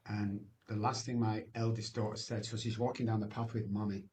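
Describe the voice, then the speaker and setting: A man's voice: fairly low pitch, level tone, fairly quick, darkish tone, a little hiss or hum. A man, telling his recovery story as a guest in an emphatic, personal way, often ending phrases with "man". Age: 60s.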